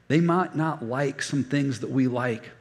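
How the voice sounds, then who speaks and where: An older male pastor delivers a sermon, weaving personal stories into repeated, emphatic phrases. His voice has a gravelly edge at a middling pitch. The sound carries a long reverb from a large church hall. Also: unhurried.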